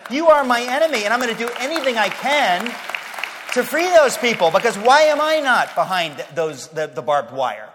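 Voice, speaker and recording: A man with a high-pitched voice delivers a fervent sermon-style speech to a Christian audience. He is emphatic, dropping low and quiet before rising to loud declarations. His voice rings with the long reverb of a large hall, and a faint crowd is audible. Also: very animated, moderate pace, background noise. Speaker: speaker addressing a Christian audience.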